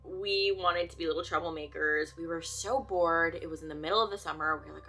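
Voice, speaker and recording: A young woman from the Bay Area telling a true ghost story in a chatty way, full of "like" fillers, dropping to a hush at the creepy parts. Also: sits low, a little fast. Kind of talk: casual spoken storytelling. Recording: soft music behind the voice.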